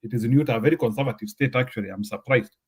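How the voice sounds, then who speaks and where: A man's voice: mid-range voice, racing, husky. A Kenyan man hosting a casual chat, joking and laughing often as he mixes English and Swahili.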